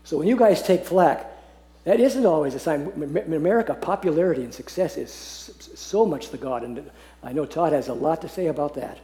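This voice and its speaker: A man's voice: on the high side, expressive, dark tone. Earnest man teaching scripture in echoey room. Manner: earnest, laughs often, slows to read verses aloud. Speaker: Bible teacher.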